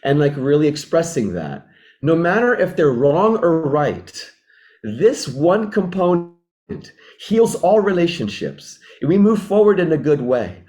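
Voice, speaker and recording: A man's voice: fairly high pitch, sing-song, measured pace, darkish tone. A man speaking as a relationship mentor, explaining in an earnest, reflective way and often restating his points. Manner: reflective, repeats and rephrases, acts out sample dialogues. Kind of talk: earnest teaching talk.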